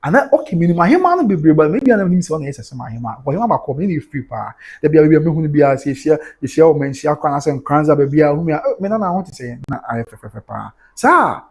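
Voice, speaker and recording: A Ghanaian man hosting a casual livestream news commentary, animated and exclamatory, mixing Twi with English. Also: on the high side, breathy edge.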